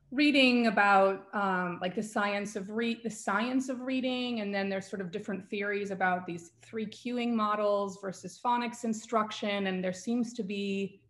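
A parent asking a panel a question in a tentative, hedging way. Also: female voice, medium pitch. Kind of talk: audience question.

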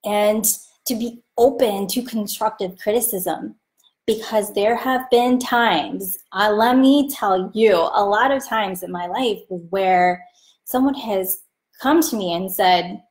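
A woman talking casually about careers and client relationships, chatty and animated, acting out the people she quotes. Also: mid-range voice, unhurried. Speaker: vlogger giving career advice. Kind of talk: casual talk to camera.

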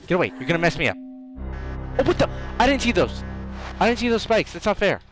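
A man doing excitable let's play commentary, trash-talking the enemies in his game. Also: sits high, brisk, music in the background. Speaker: gamer.

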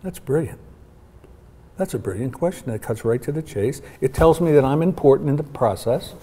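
Brief: male interview host, curious and affirming, mellow dark tone. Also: mid-range voice, animated, normal speed, breathy edge. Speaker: show host. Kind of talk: conversational interview.

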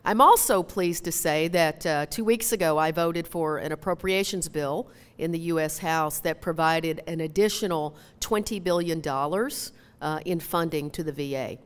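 A woman with a Minnesotan twang speaks at a podium, her lowish voice smooth and clear. Her talk is folksy and earnest, full of small pauses and fillers, and it rings out with a long reverb through a big hall. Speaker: member of Congress. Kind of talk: town hall speech. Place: large hall. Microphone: podium mic.

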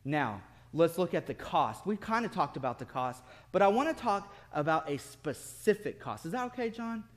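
A man preaching a sermon as pastor, telling a story with bursts of laughter and then dropping to quiet intensity. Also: fairly high pitch, big pitch swings, normal speed. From city-raised. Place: church sanctuary. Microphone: lectern mic at a podium.

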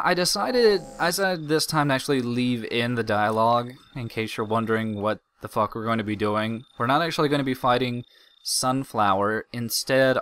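A man's voice: medium pitch, a bit bright, clean tone. A man hosting a game playthrough, talking in a loose, offhand way with frequent restarts and some swearing. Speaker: let's play host. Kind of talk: casual gameplay commentary. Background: game music.

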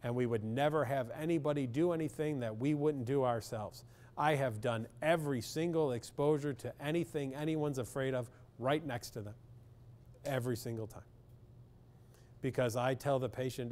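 A man's voice: mid-range voice, normal speed, a little mellow, slight background noise. A man, a clinical psychologist, speaking bluntly and with humor in a public talk to parents, often asking the audience questions.

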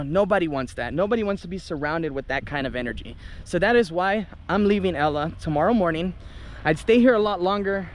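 A young man vents on his travel vlog, heated and indignant and quick to swear. His voice sits high for a man. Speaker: travel vlogger. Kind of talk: casual vlog rant to camera.

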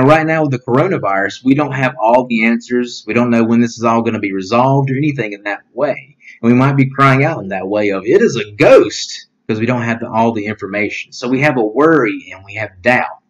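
A man's voice: mid-range voice, fairly quick, lo-fi sound. A male pastor giving an online sermon in an earnest, plain-spoken way, often saying "you know" as he reads scripture and explains it.

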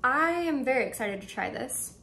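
A young woman vlogs from home in a high, creaky voice at normal speed, the recording very noisy with an air conditioner running. She chats excitedly about her shopping haul and thinks aloud while taste-testing snacks.

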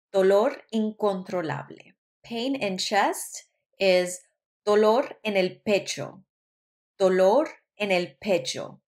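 A woman from Colombia, a nurse practitioner, teaching medical Spanish vocabulary by saying each term slowly and repeating it. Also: mid-range voice. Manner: slow, careful pronunciation with repetition. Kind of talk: vocabulary lesson.

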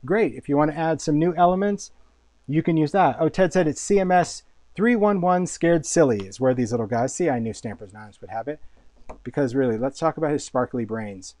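A man's voice: a little high, fairly quick, mellow, no room sound. A man hosting a casual live product showcase, talking with enthusiasm, chatty and often repeating words as he thinks. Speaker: host and product designer.

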